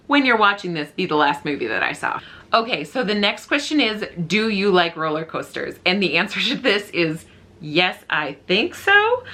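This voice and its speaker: A chatty middle-aged woman from Minnesota answering viewer questions to camera in an easy, self-deprecating way, laughing often. Her voice sits a little low, yet comes across bright and forceful. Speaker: YouTube vlogger. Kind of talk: casual Q&A chat to camera.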